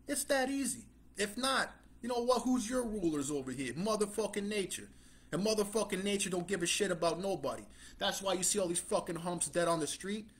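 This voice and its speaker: A man's voice: high voice, a bit bright, breathy edge. A man giving a profane street-style sermon in a swaggering mobster tough-guy way, blunt and scornful, with heavy swearing. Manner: scornful, blunt, chuckles between lines. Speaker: self-styled preacher.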